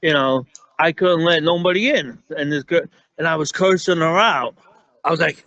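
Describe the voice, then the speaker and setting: A man with a New York accent telling rambling, profane stories in a casual chat, often getting excited as he acts out what people said. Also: fairly high pitch, moderate pace. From Staten Island, New York. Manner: profane, rambling, excitable when acting out quotes. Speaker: security guard guest.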